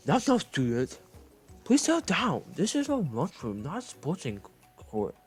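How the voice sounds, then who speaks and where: A man voicing a stern, fussy male dog who judges a school cook-off, speaking in a prim, drawn-out way. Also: a little high, wildly swooping pitch, slightly rough, faint music behind, pitched above the performer's own voice, full character voice.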